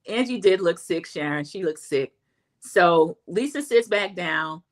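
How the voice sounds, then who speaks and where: A woman's voice: lively intonation, unhurried. Chatty woman recapping a show. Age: middle-aged. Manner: chatty, acts out quotes in a high voice, says "y'all". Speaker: recap host. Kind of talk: casual recap commentary.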